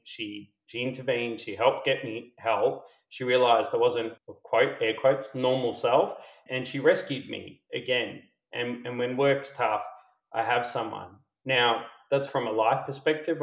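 A middle-aged man shares a story on a podcast, frank and quick to laugh at himself. His voice sits at an ordinary pitch. The recording is roomy and a little muffled. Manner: candid, self-deprecating, laughs at himself. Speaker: company founder and CEO, podcast guest. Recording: roomy, slightly dull podcast audio.

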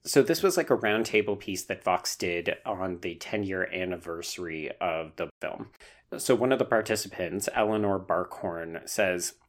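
A man's voice: sits low, expressive, normal speed. A man hosting a podcast, giving opinionated, wry commentary in a casual discussion. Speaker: podcast host.

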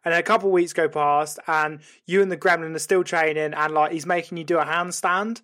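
Male podcast co-host, comic storyteller, animated sweary delivery. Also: fairly high pitch, fairly quick. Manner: animated, sweary retelling with lots of "you're like".

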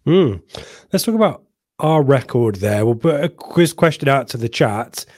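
A man's voice: medium pitch, expressive, moderate pace, a little mellow, no room sound, studio quality. A man with an English accent hosting a casual football podcast, stumbling over words and reading out the live chat. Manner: hesitant, repeats words, reads the live chat. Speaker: podcast host.

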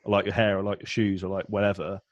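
A man's voice: low-pitched, level tone, quick pace, no room sound, dull audio. A man hosting a casual interview and asking open, conversational questions. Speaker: podcast host.

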